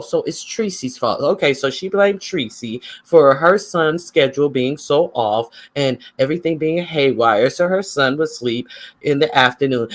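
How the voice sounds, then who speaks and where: A man's voice: medium pitch, lively intonation, normal speed, fairly bright tone. A man giving casual, gossipy livestream commentary and chatting with his viewers.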